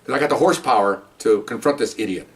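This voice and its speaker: Older ex-detective, fast and heated storyteller, slightly distant mic. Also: male voice, on the low side. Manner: heated, animated, acts out quoted lines. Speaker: retired narcotics detective. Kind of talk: personal storytelling.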